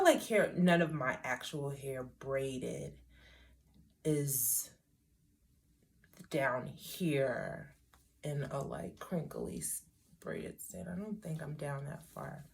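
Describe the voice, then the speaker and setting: A woman's voice: low-pitched, darkish tone. A middle-aged woman talking casually through a hair tutorial, rambling with wry asides to herself. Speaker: hair vlogger.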